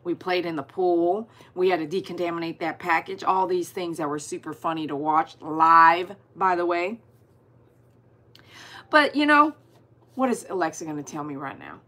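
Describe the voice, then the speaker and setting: A woman's voice: on the low side, moderate pace, a bit bright. A woman hosting a livestream, chatting casually and greeting viewers by name. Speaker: dog groomer hosting a livestream.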